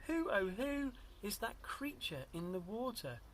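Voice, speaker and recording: A shy, sad little dinosaur boy from a picture book, sounding small and plaintive, as a man reading aloud puts him on. His voice climbs well above a grown man's usual pitch and wavers softly rather than pushing. The lines come slowly and tenderly. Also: big pitch swings, a little hiss or hum, full character voice, low-quality recording. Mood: wondering. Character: gentle young male dinosaur, timid and sad.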